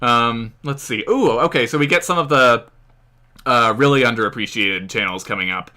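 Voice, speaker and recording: A man's voice: medium pitch, normal speed, pushed and bright. An American man hosting a casual live-stream Q&A, rambling with many fillers and frequent chuckles. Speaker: history channel host.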